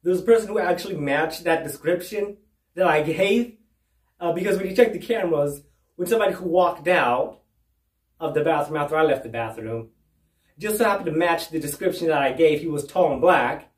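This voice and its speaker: A man's voice: fairly high pitch, animated, a little fast, distant mic. A man doing stand-up storytelling from home, rambling with restarts and "right?" asides. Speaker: stand-up comedian. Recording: roomy, away from the mic.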